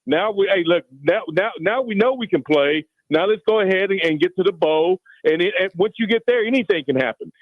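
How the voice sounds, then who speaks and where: A man's voice: high-pitched, expressive, brisk, hardly any pauses, dry recording. A man calling in to a sports radio show, talking emphatically and repeating words. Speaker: caller. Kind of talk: phone-in call. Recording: dull phone call.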